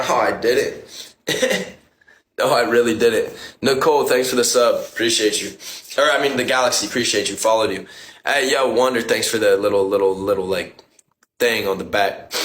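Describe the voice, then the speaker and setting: A man's voice: mid-range voice, a bit bright, echoey room. A man streaming live who thanks his viewers and swears in exasperation as he reacts. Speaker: livestreamer. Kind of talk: casual live-stream chat.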